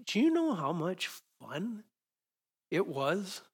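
A middle-aged man preaching a sermon as pastor, telling a personal story with sudden loud emphatic peaks. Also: sits high, very animated, slow, slightly rough.

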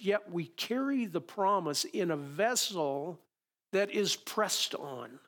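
A man preaching a sermon in a conversational, storytelling way, asking the listeners rhetorical questions. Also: high voice. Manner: reads scripture slowly and softly.

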